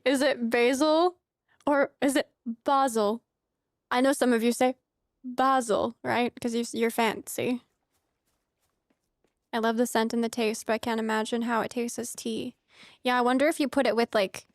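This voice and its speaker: A woman's voice: fairly high pitch, fairly even intonation, moderate pace, no room sound, clean studio sound. A young woman from the United States chatting casually with her viewers while streaming a game, giggly and full of filler words. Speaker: streamer playing a farming game.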